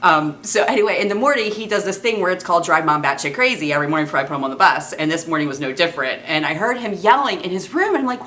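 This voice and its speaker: Fast, animated storytelling mom. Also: female voice, on the low side, slight background noise. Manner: animated, blunt, swears freely, laughs a lot. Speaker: mother telling a story. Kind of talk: casual comic storytelling.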